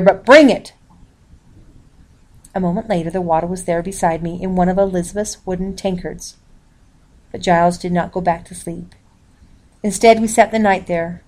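A woman reading a historical novel aloud, calling out the page numbers as she goes. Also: lowish voice. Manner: even, measured reading with page numbers announced. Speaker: reader.

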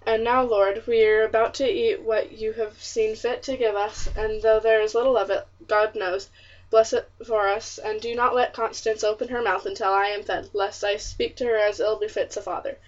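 A woman's voice: fairly high pitch, steady tone, moderate pace, highs cut off, natural voice. A woman reading the part of a stern, short-tempered colonial father who scolds and blusters in old-fashioned speech. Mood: grumbling prayer. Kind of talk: audiobook character reading.

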